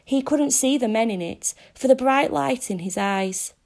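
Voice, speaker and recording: A woman narrating a story aloud in a measured, descriptive reading. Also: high-pitched, darkish tone.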